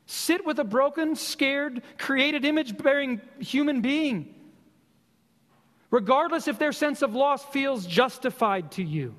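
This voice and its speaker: A man preaching a sermon as pastor, with impassioned, repetitive exhortation and slow emphatic stresses. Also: very high voice, animated, fairly bright tone, in a large hall.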